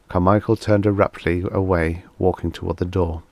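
A man reading vintage science fiction as an audiobook narrator, in a steady, even storytelling manner. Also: low-pitched, a little fast, vocal fry, few pauses, dry recording. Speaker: audiobook reader.

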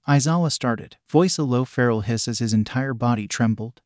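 A man narrating fanfiction aloud in a steady, even way as the channel's host. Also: mid-range voice, moderate pace, very noisy.

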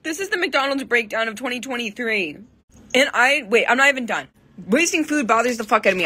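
A woman's voice: a little high, expressive, a little fast, sharp tone. A young woman vlogging casually, ranting with lots of swearing and dramatic swings from mumbled complaints to shrieks. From Tampa area, Florida.

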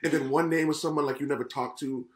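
A man hosting a casual podcast, telling stories in an animated way, swearing and acting out what people said. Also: a little high, fast, roomy sound. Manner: animated, swearing, retells scenes in quoted voices. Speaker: podcast host. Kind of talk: casual storytelling chat.

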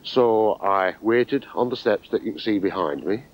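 A man from England recalling seeing a concert as a fan, speaking in an excited, emphatic way outdoors by the venue. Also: fairly low pitch, moderate pace, rough recording. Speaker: fan interviewee. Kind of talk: enthusiastic reminiscing interview.

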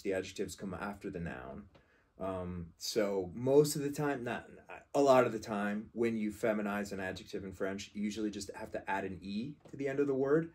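A man's voice: fairly low pitch, darkish tone, slightly rough. A man reviewing a fragrance in casual talk, rambling and emphatic as he corrects how a word is said.

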